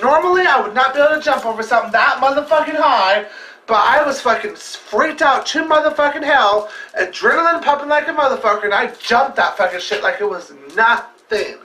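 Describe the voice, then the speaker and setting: A man's voice: very high-pitched, lively intonation, brisk, sharp tone, a little hiss or hum. A man vlogging, telling a personal story in a casual, heavily profane, emphatic and rambling way. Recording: echoey room, distant mic.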